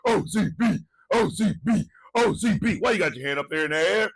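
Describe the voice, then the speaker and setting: High, lively man ranting as show host. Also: normal speed, creaky, far from the mic, poor audio. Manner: animated, chanting and shouting hype calls; ranting, swings between loud and low. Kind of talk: morning talk show monologue.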